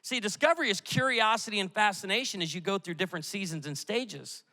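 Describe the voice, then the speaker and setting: Animated male pastor in a reverberant hall. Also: high voice. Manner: animated storytelling with quick asides. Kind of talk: sermon. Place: church auditorium. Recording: echoey hall with long reverb.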